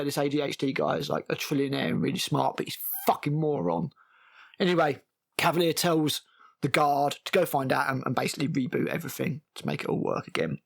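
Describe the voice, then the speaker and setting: A man's voice: fairly high pitch, creaky, husky. A man giving a casual, exasperated, sweary spoken TV review. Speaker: TV critic.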